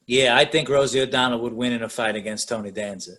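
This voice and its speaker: A man hosting a podcast, asking his guest curious, prompting questions in relaxed interview chat. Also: mid-range voice, fast talker. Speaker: podcast host.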